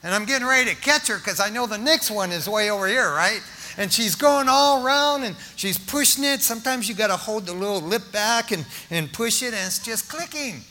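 An older man preaches with a high, very bright, piercing voice, joking his way through a story and acting out the dialogue. His words ring out with a long reverb from a big church hall. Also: brisk. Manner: animated, joking, with restarts and acted-out dialogue. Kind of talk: storytelling sermon testimony.

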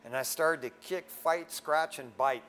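High-voiced man preaching a folksy sermon. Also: measured pace, fairly bright tone. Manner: folksy and frank, often tags lines with "man". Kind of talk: casual sermon. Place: standing before a congregation.

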